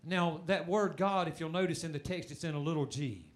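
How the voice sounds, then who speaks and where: Man preaching a shouted sermon. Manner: swings from shouted calls for praise to low, quick teaching asides.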